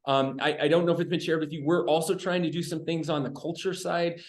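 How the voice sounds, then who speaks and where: Man, 40s, earnest, hopeful, frequent restarts, slightly high voice, echoey room. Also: steady tone, fast. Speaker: state governor as guest. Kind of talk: conversational remarks in a virtual event. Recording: roomy echo.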